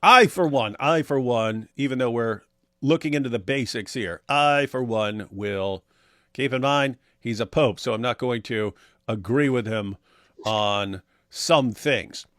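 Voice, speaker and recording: A middle-aged man co-hosts a casual apologetics live stream, reading viewer comments aloud sarcastically and mocking them with exaggerated voices and laughter. His voice is medium-pitched, a bit bright and a little slow, captured in clean studio sound with no echo.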